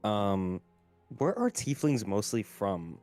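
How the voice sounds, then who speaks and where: A man's voice: on the low side, animated, takes it slowly, a little mellow, faint music behind. A young man asking questions as a player at a tabletop game, hesitant and full of ums. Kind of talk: casual chat.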